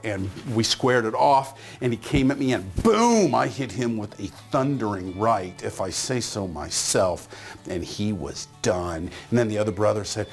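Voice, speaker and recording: A middle-aged man giving a motivational talk, telling a story in an animated way and acting out the voices in it. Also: fairly low pitch. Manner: animated, acts out voices in his stories. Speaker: motivational speaker.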